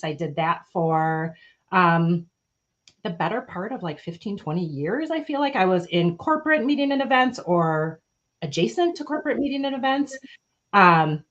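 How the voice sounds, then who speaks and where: A woman's voice: on the low side, muffled recording. Bubbly woman chatting on a video call. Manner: bubbly, chatty, laughs often. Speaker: guest life coach. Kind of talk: casual livestream chat.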